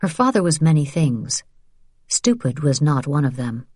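A woman reading a novel aloud as narrator in a measured, even way. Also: low-pitched, breathy edge, dry recording, studio quality. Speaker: audiobook narrator. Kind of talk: scripted narration.

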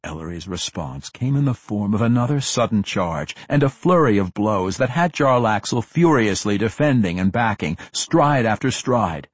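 A man reading a fantasy audiobook as narrator, telling the story in an expressive, dramatic way. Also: fairly low pitch, moderate pace, few pauses, slightly rough, no echo.

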